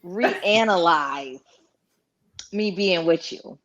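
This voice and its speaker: Animated, emphatic female co-host. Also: lowish voice, drawn-out words. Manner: emphatic, animated, repeats words for effect. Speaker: podcast co-host. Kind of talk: casual debate chat.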